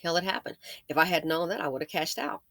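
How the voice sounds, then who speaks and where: Bright, sharp-voiced angry woman ranting. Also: on the low side, quick pace, creaky, no echo, clean studio sound. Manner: angry, profane, scolding. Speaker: commentary channel host. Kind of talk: blunt commentary rant.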